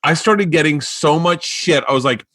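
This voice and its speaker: A man chatting on a comedy podcast, telling animated stories and acting out the other people in them, swearing freely. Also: fairly high pitch, normal speed, no room sound. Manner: animated, acts out quoted voices, swears freely. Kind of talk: casual chat, storytelling.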